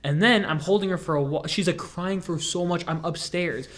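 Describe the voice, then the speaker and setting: A man's voice: sits high, a little fast, a bit bright. A young man hosting a casual chat, rambling and goofy, full of fillers and restarts. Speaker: podcast host.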